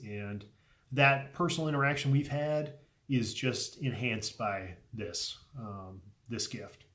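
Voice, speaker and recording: A man hosting a casual unboxing vlog, speaking earnestly and heartfelt, a little emotional, often trailing off softly with ums between thoughts. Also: mid-range voice, slow. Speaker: pipe tobacco video host.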